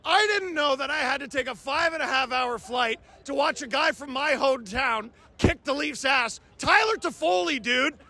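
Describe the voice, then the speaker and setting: A man in his thirties, a hockey fan commentator, delivering a loud, yelling rant. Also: extremely high pitch, normal speed, few pauses.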